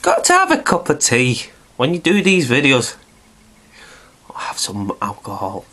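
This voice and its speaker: A man's voice: fairly high pitch, huge pitch swings, normal speed, pushed and bright. A man, stuffy and nasal from hay fever, rambling chattily through a casual video review and swearing now and then.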